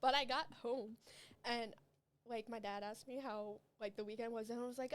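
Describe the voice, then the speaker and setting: A young woman on a podcast, telling loose, rambling stories and breaking into giggles. Her voice sits fairly high, and she chats in a relaxed, casual way. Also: normal speed, long pauses. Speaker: guest.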